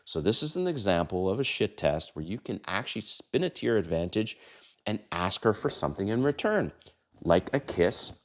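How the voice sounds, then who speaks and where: A man in his fifties hosting a dating advice talk, brash and emphatic, who swears and acts out quoted lines in a higher voice. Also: sing-song, normal speed. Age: 50s. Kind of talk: casual talking-head advice monologue.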